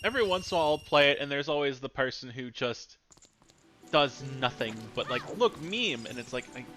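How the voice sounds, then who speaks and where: A man's voice: medium pitch, a little fast, over music. A man streaming a game and chatting casually with friends, rambling and correcting himself as he talks. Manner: rambling, self-correcting, lively. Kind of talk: casual gaming stream chat.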